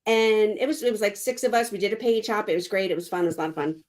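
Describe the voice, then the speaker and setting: A woman's voice: medium pitch, rapid-fire. A woman in her fifties from New York with a New York accent, a guest chatting casually on a live stream and telling stories with a laugh. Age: 50s. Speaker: guest, paint party business owner.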